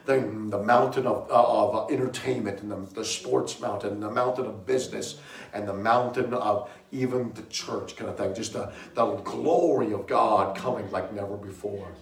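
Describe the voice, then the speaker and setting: Animated preacher man in echoey hall. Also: fairly low pitch, moderate pace, vocal fry. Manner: animated storytelling with laughs and shouted bursts. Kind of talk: sermon. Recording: echoey room, mic far from speaker.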